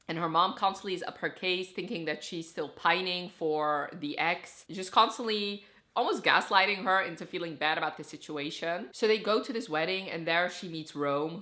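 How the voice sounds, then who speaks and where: Bright-voiced chatty woman book vlogger. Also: fairly low pitch. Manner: chatty, frequent "like" and "so" fillers. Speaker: book reviewer. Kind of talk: casual book vlog chat.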